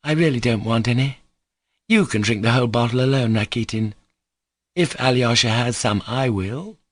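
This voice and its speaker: A man's voice: medium pitch, moderate pace, dry recording, clean studio sound, voice pushed up, lightly acted. A man reading an audiobook voices an emotional young woman, speaking in a heated, pleading way.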